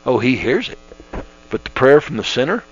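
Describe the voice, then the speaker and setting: A man's voice: mid-range voice, sing-song, moderate pace, breathy edge. Folksy man teaching the Bible on radio. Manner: folksy, earnest, with many restarts. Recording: dull lo-fi radio audio with mains hum.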